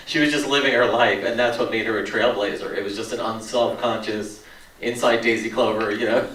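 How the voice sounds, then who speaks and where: Man speaking at a panel, bright voice, echoey hall, distant mic. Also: mid-range voice, normal speed, slight background noise. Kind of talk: conversational panel discussion. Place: theater auditorium. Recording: echoey room, far from the mic.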